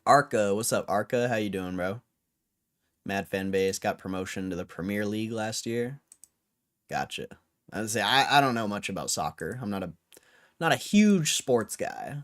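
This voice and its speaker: A man's voice: fairly low pitch, expressive, normal speed, fairly bright tone. A young man hosting a livestream, chatting casually and reading viewer comments with a laid-back, rambling manner full of slang. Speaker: livestream host.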